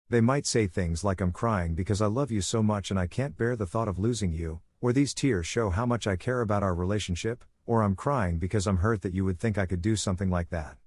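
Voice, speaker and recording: A man giving scripted explainer narration in an even, measured, instructive way. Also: on the low side, dry recording, clean studio sound.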